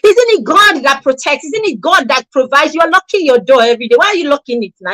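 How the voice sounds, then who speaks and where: Woman, parenting coach; high voice, punchy rhetorical delivery, sarcastic jabs. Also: expressive, fairly quick, few pauses, fairly bright tone, low-quality recording. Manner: emphatic, repetitive, rhetorical questions, sarcastic asides. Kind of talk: motivational talk to parents.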